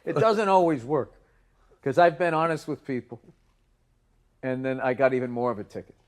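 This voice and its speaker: A man's voice: medium pitch, normal speed. A man co-hosting a podcast, telling stories in casual chat and acting out both sides of the conversations. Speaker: podcast co-host.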